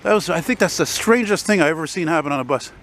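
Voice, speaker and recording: A man's voice: on the high side, lively intonation, fast, a bit bright. A man, walking through snowy city streets and telling a rambling, profanity-laced story to his handheld camera. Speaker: vlogger. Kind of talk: casual walking vlog storytelling. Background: faint city traffic.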